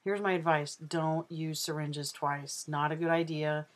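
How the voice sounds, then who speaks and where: A trans man vlogs casually in a personal video diary, rambling candidly and unhurriedly with plenty of ums and uhs. His voice sits on the high side with little pitch movement.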